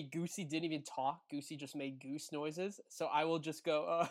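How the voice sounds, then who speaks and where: A man's voice: on the high side, flat delivery, normal speed, few pauses. A man co-hosting a podcast, reading fan fiction aloud in a wry, casual way. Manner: wry, laughs while reading. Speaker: podcast co-host.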